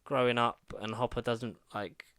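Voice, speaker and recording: A man co-hosts a casual podcast and rambles through plot recaps, stopping and starting as he goes. His voice sits at an ordinary pitch and sounds close and dry, with no room around it. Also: level tone, normal speed, fairly bright tone, no echo. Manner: rambling recaps full of "like" and restarts. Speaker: podcast co-host. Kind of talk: casual chat.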